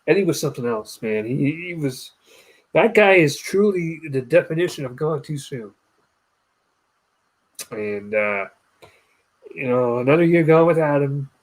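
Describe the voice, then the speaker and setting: Animated young man telling a story. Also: fairly high pitch. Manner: storytelling, animated mimicking voices. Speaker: podcast host. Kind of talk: casual chat.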